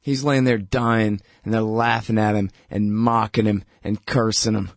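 A man's voice: lowish voice, level tone, a little slow, no room sound. Male talk radio host, blunt and heated, chatty with fillers, dry close sound. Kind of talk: opinionated political commentary.

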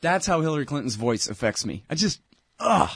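A man's voice: on the high side, sing-song, fairly quick, breathy edge, dry recording. Ranting exasperated male show host. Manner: ranting, exasperated, swings between loud outbursts and mutters. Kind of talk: opinionated political commentary.

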